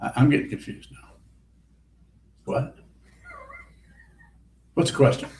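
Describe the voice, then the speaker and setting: A man's voice: slow, darkish tone. A man giving a Buddhist dharma talk and answering questions in a blunt, wry, teasing way. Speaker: Buddhist teacher. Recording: roomy hall with faint background hiss.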